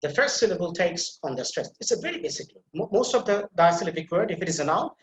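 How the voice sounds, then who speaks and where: A male teacher giving a pronunciation lecture, repeating example words slowly and stressing their syllables, a native Bengali speaker. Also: sits high, sing-song, roomy sound. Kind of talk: online lecture.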